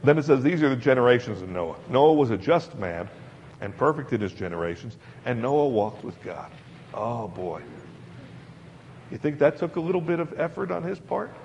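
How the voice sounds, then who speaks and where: A man's voice: mid-range voice, very animated, moderate pace, darkish tone, a little hiss or hum. A man preaching a sermon to a congregation in a chatty, emphatic way, repeating words for stress. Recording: dull lo-fi recording in a large hall.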